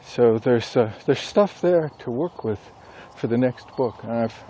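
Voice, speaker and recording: Mellow-voiced man musing aloud. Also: medium pitch, lively intonation. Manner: musing, thinks aloud with pauses and self-corrections. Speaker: author and instructor. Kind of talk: casual rambling monologue.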